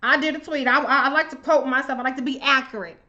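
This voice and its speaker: High, bright-voiced fiery woman streamer. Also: steady tone, fast, lo-fi sound. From United States. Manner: profane, confrontational, emphatic; addresses commenters directly. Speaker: livestream host. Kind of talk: heated political commentary.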